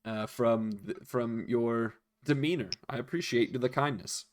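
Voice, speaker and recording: A man's voice: mid-range voice, unhurried, natural voice. A man voicing a polite, weary innkeeper. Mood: courteous. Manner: courteous, slightly put-upon.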